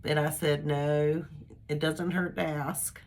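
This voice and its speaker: Older woman, low voice, slow unhurried talk, rambling homespun vlog chat. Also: level tone. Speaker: vlogger. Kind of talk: casual personal chat to camera.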